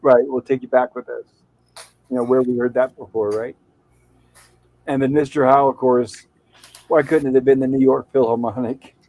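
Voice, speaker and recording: A man's voice: mid-range voice, steady tone, normal speed, long pauses, dark tone, dry recording, low-quality recording. A man hosting a casual show, retelling an old TV episode and reading out its lines in a loose, chatty way. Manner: reads out quoted lines in a loose, chatty recap. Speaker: show host.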